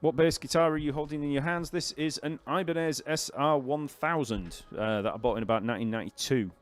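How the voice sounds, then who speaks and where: A man teaching a live online bass lesson, explaining technique in a relaxed way, counting beats aloud and answering questions from the chat. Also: a little fast, faint music behind.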